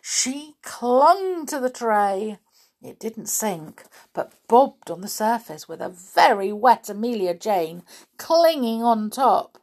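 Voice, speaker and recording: Storybook reader: woman, slow, highly animated, slightly high voice. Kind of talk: children's storybook reading.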